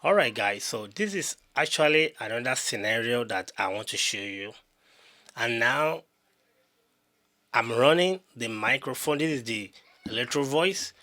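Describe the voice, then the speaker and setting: Man, mid-pitched, chatty gear demo to camera, dry close mic. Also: lively intonation, a little slow, bright, forceful tone, dry recording. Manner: repetitive, talks to viewers directly. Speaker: tech reviewer.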